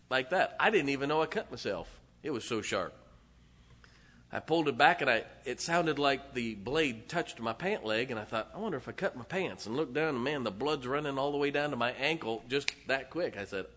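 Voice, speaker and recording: A middle-aged man, a pastor telling a folksy, animated story to his congregation with laughs and asides. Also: mid-range voice, normal speed. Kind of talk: storytelling sermon. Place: church sanctuary.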